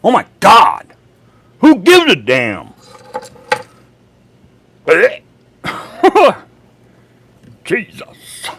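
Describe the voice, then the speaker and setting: A middle-aged man, hosting a casual live chat. He swears freely and laughs loudly at his own jokes. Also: sits high, wildly swooping pitch, very slow, vocal fry, long pauses, a little hiss or hum. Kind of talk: casual livestream chat reading comments.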